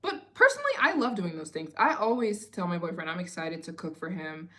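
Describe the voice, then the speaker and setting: A woman in her late twenties, chatting casually and telling stories in an expressive way as the host of a live Q&A stream. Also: lowish voice, fairly quick. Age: 20s. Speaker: travel vlogger hosting a live Q&A.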